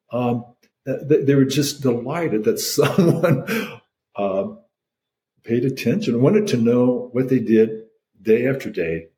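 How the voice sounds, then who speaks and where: A man's voice: medium pitch, warm tone, slight background noise, poor audio. An older man, a priest, talking reflectively as an interview guest, with many restarts and fillers.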